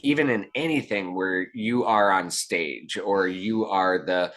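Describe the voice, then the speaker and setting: A man with a very low, deep voice talks as an interview guest. He is earnest and reflective, circling back and restarting his sentences as he works through an idea. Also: unhurried, fairly bright tone. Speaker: guest, keynote speaker. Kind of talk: conversational interview answers.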